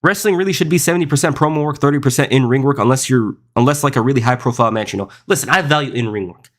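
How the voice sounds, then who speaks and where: A man's voice: mid-range voice, rapid-fire. A young man streaming live, reading chat aloud and riffing on it in a rambling, casual way, often saying "bro" and "listen.".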